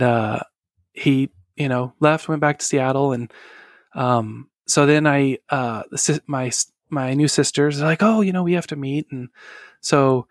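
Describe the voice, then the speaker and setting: A middle-aged man, a guest on an interview, telling a personal story in an earnest, halting way with soft laughs. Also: medium pitch, no echo, clean studio sound.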